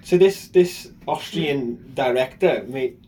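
A man's voice: medium pitch, takes it slowly, a little mellow. A man co-hosting a comedy podcast, telling stories and teasing his friends. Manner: storytelling, teasing. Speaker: podcast co-host. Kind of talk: casual comedy banter.

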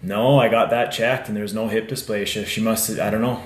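A man with a fairly low voice talks in a laid-back, rambling way, thick with fillers and casual swearing. He co-hosts a relaxed podcast chat, and the sound carries a roomy echo. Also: a little fast. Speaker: podcast co-host.

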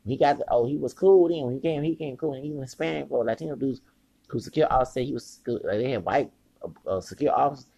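A man's voice: medium pitch, fast talker, creaky, slightly rough, no room sound. A man hosting a podcast, telling a long, rambling story full of profanity and acted-out quoted dialogue. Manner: profane, meandering, animated retelling with quoted dialogue. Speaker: podcast host.

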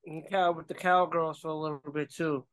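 A man's voice: fairly high pitch, level tone, brisk, clear, resonant tone. A man co-hosting a podcast in casual sports banter, chiming in with laid-back remarks. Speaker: podcast co-host.

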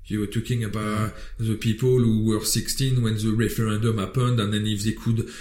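A man with a French accent talks in a lively, opinionated chat, swearing often and breaking off mid-sentence. His tone is mellow and dark. The voice rings in a roomy, echoing space. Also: fairly low pitch, fairly quick. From France. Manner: animated, swearing, wandering restarts. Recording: roomy echo.

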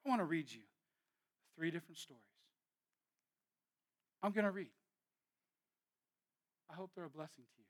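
High-pitched guy preaching a sermon, gets loud then goes real soft at the ends of lines. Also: normal speed, pauses often. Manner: preaching, swelling loud then dropping to soft trailing phrases. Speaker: pastor.

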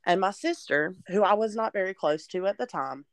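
On a podcast, a young woman relates her personal testimony briskly in an expressive, medium-pitched voice, recorded with no room sound. She speaks openly and conversationally, occasionally becoming tearful.

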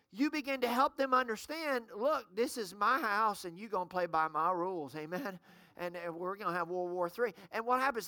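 Female pastor, emphatic sermon delivery with call-and-response, bright tone. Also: a little high, dry recording. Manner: storytelling with everyday examples.

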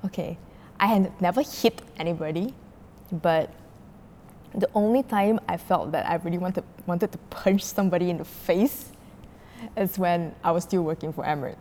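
A woman's voice: fairly low pitch, slight background noise. Chatty woman, constant "like"s. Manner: animated retelling, heavy filler "like", frequent laughter. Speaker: podcast guest. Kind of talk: casual conversational storytelling.

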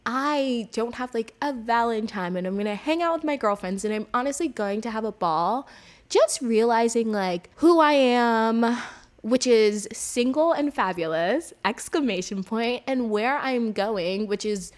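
A young woman hosting her own podcast, talking alone in a chatty, animated way and saying "like" a lot. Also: on the high side, unhurried. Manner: chatty, animated, heavy use of "like". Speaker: podcast host. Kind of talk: casual solo podcast monologue.

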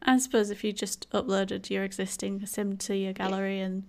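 A woman's voice: medium pitch, monotone, normal speed, vocal fry. A woman with a Yorkshire accent chatting casually and giggling easily as a gaming content creator. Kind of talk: casual podcast chat.

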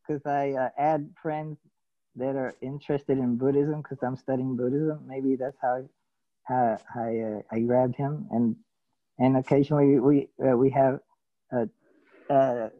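A man's voice: mid-range voice, steady tone, no echo. A man from Colombia, speaking hesitantly in a casual video chat. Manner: hesitant, halting. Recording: tinny phone-like line.

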